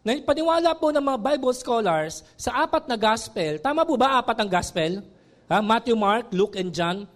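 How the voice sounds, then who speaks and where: A male pastor with a Filipino accent preaching a sermon, mixing Tagalog and English, reading scripture slowly and often checking in with the congregation. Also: extremely high pitch, animated. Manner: switches between Tagalog and English, asks listeners "okay?" often; reads scripture slowly and deliberately.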